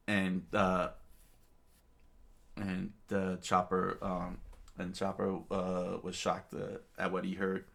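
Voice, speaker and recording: A man casually reading a comic aloud, halting often with fillers and restarts. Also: sits low, monotone, vocal fry, a bit bright. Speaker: reader of a comic.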